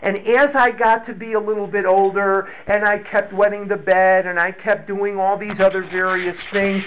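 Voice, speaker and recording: A man sharing a candid personal story of recovery, slow and reflective, often repeating his words. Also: high-pitched, level tone, a little hiss or hum. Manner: candid and confessional. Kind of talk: personal testimony to a group. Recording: tinny phone-like recording.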